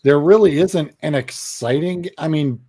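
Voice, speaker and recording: A man co-hosting a podcast, talking football in blunt, excitable banter. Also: a little high, measured pace, husky. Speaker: podcast co-host. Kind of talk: casual sports chat.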